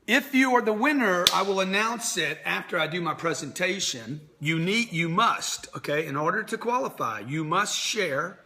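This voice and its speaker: Brash, bright-voiced man in his fifties. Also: lively intonation, normal speed, hardly any pauses, slight background noise. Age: 50s. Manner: brash, direct, salesy pitch. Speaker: business coach hosting a nightly livestream. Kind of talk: motivational livestream talk.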